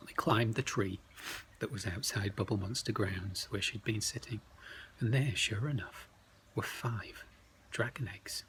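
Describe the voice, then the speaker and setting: A man telling a bedtime story, slow and expressive, often dropping to hushed tones. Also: on the low side, a little hiss or hum, low-quality recording.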